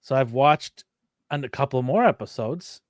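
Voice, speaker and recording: Animated man telling stories, dry sound. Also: medium pitch, moderate pace, dry recording. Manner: animated storyteller, acts out quotes, laughs often. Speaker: co-host of a toy and anime show. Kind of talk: casual chat.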